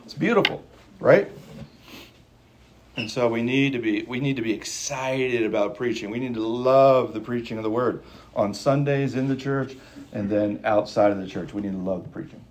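A pastor delivers an urgent, emphatic sermon in a medium-pitched, slightly mellow male voice. He repeats key lines for stress and keeps shifting his pace, speeding up and slowing down.

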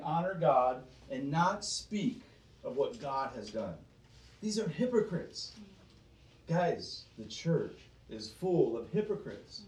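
A man's voice: on the high side, sing-song, takes it slowly, a little mellow. A man preaching with emphatic force, firing off rhetorical questions and doubling back on his words. He sits back from the mic in a roomy space, so his voice carries a hollow ring. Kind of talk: preaching to a small group. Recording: roomy sound from a distance.

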